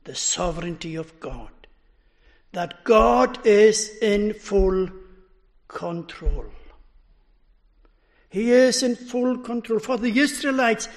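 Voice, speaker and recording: A man preaching a sermon in a measured way, letting his voice fall at the end of phrases. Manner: slow, measured delivery, dropping low at phrase ends.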